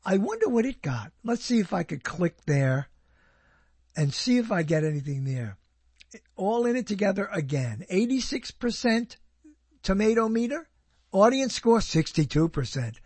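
A man's voice: high-pitched, sing-song, moderate pace, a little mellow, breathy edge, no room sound. A man rambling in casual commentary, sarcastic and wandering, often breaking off his own sentences. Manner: sarcastic, wandering, self-interrupting. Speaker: video host reviewing TV listings.

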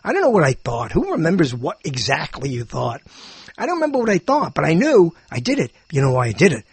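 Husky older man musing aloud. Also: a little high, huge pitch swings, quick pace, no room sound. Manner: musing, meandering, self-interrupting, chuckling. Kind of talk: rambling monologue.

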